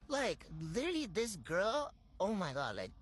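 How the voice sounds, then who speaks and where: A woman's voice: mid-range voice, huge pitch swings, normal speed, breathy edge. A young woman from tells a get-ready-with-me storytime into her phone, blunt, slangy and swearing freely. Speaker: storytime vlogger.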